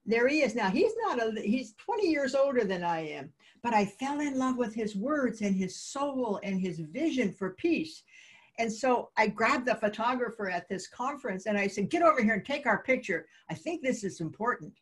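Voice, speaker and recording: A woman guest in an interview, telling lively anecdotes and acting out the dialogue of the people in them. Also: on the high side, moderate pace, breathy edge. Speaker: guest, peace advocate. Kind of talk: interview storytelling.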